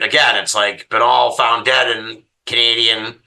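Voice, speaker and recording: A man's voice: mid-range voice, unhurried, gravelly. A man telling a story as a podcast guest, swearing often and sounding exasperated as he recounts it. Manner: profane, exasperated, animated storytelling. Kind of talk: casual storytelling.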